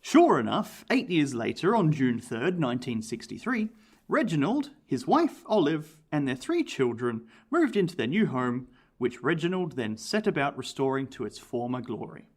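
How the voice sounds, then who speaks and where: A man's voice: medium pitch, moderate pace, husky. A man from Australia, co-hosting a podcast, reading a book aloud and chatting with jokes. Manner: animated, jokey, laughs often. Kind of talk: casual chat and reading aloud.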